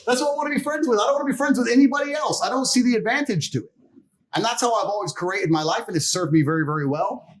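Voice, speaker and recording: A man telling stories as a podcast interview guest, blunt, profane and boastful, laughing as he goes. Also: extremely high pitch. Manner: animated, laughs mid-story. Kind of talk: casual storytelling in a podcast interview.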